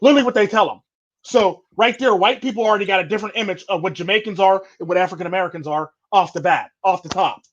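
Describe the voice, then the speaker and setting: A man's voice: high voice, fast, highs cut off, a little hiss or hum. A man hosting a casual chat, talking bluntly and rambling with repeated stock phrases. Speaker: podcast host.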